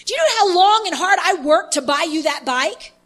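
A woman's voice: very high voice, animated, normal speed, pitched above the performer's own voice. A woman voicing a furious father who screams at his young son. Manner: screaming, loud.

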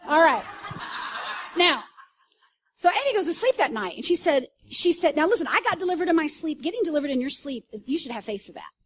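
A woman pastor preaching to a congregation, telling stories in an animated way with loud bursts and asides. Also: high voice, a little fast, slight background noise. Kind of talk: sermon. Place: church service.

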